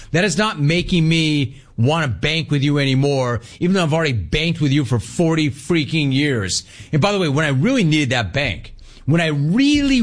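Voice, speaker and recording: A middle-aged man hosts a call-in radio talk show, ranting energetically and mimicking people in a high voice.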